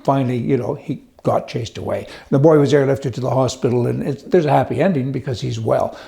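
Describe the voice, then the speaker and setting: A man's voice: medium pitch, fairly quick, gravelly, mellow. A man giving opinionated news commentary in a folksy, emphatic, chatty way. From United States.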